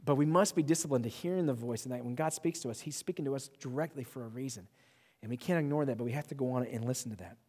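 A young man preaching a sermon, animated and joking, with self-mocking asides. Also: medium pitch, quick pace, big-room sound. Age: young adult. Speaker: pastor.

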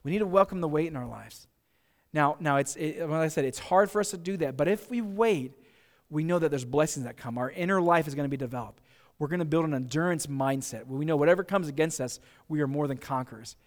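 A man's voice: a little high, quick pace. A man with an American accent, preaching a sermon as pastor in an earnest, conversational way, often repeating words as he goes. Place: church sanctuary. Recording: long reverb of a church hall.

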